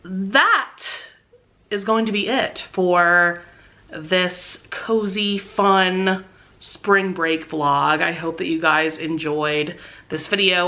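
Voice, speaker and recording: Gushing young woman book vlogger. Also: deep voice. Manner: gushing, excitable, swears freely. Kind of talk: casual reading vlog.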